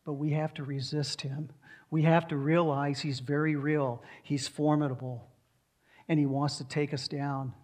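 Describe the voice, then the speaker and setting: Emphatic preacher with a higher voice. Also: male voice, little pitch movement, unhurried, darkish tone. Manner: emphatic, repeats rhetorical questions. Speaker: pastor. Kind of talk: sermon and prayer.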